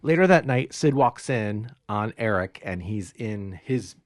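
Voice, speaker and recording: A man's voice: lowish voice, expressive, unhurried, no room sound, clean studio sound. A man co-hosting a podcast, recapping a TV episode in casual chat, acting out quoted lines and laughing often. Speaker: podcast co-host.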